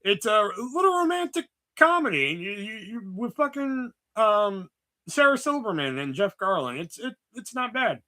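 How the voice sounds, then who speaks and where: A man talking movies in a casual chat, his voice high and bright with swooping, animated pitch. He rambles freely, swears often and fills gaps with ums and likes. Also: moderate pace. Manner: rambling, heavy swearing, many fillers. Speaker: host.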